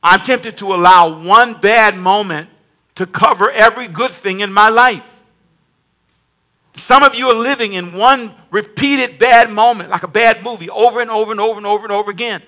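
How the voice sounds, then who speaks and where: Animated high-voiced male pastor preaching. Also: normal speed. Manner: animated, humorous storytelling with call-and-response. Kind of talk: sermon.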